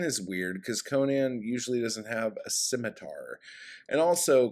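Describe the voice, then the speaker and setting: A man's voice: lowish voice, a little mellow. A man recapping a story in a casual, rambling way, with lots of swearing and fillers, in a room at home. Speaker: book vlogger. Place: room at home by a street window.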